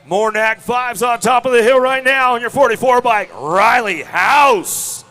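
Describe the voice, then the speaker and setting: A man calls a BMX race live with a very high, piercing voice. He works the crowd and reads out each rider by bike number, with faint music behind. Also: measured pace, sharp tone. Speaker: race announcer. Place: outdoor BMX track.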